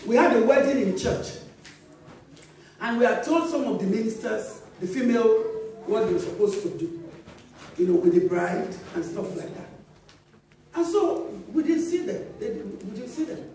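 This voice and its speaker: A middle-aged woman preaches with a high, lively voice that swoops up and down as she acts out every line of her story. The sound comes from far off, with heavy echo off the walls of a large church hall. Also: normal speed, pauses often. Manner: animated, laughing as she tells stories, acting out dialogue. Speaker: pastor. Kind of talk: sermon with storytelling.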